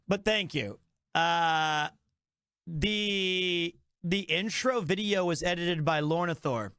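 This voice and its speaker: A man chats to his stream with eager, rambling energy, circling back on his own phrases. His voice sits high. The sound is close and dry, with no room around it. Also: very slow, long pauses, pushed and bright, clear, resonant tone, dry recording. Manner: enthusiastic, rambling with restarts. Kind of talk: casual live-stream chat.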